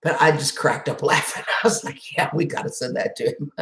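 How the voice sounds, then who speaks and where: A woman's voice: low-pitched, steady tone, normal speed, echoey room. Emotional woman chatting with viewers. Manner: emotional, warm, reads and answers viewer comments. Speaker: channel host doing a live chat. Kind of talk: casual live-stream chat.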